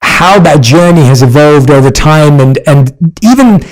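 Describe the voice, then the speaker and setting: A British-accented man hosts a podcast interview, speaking earnestly and heaping praise on his guest. His voice is on the high side with lively intonation and an unhurried pace. The recording quality is low.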